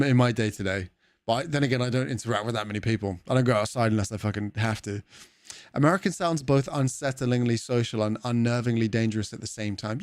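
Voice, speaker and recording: A man's voice: medium pitch, no room sound. Male streamer, dry close sound. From Wales. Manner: rambling, swears often, laughs easily. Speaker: gaming streamer. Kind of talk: casual livestream chat with viewers.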